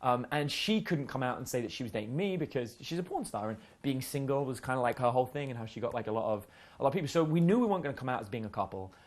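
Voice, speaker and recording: A man's voice: medium pitch, lively intonation, very fast. A man speaking as a dating coach, telling stories in a blunt, profane way and acting out the lines of the people in them. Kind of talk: casual storytelling monologue.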